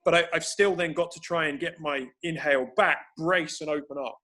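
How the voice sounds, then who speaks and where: A man's voice: a little high, steady tone, a little fast, pushed and bright. A man explaining breathing techniques for grappling over a video call, thinking aloud with frequent restarts. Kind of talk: explanatory conversation.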